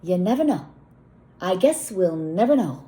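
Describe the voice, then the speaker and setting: Warm and unhurried, this low voice swings widely in pitch. The middle-aged woman, a farm owner and vlogger, chats and rambles through an outdoor tour in the cold, frequently speaking to her animals.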